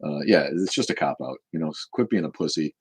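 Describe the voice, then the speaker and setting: A very low, husky man in his fifties. He hosts a casual live Q&A, answering bluntly and swearing freely. His voice sits at the deep bottom of the range. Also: expressive, quick pace. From United States. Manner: blunt, profane, opinionated. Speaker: show host. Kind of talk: live-stream Q&A chat.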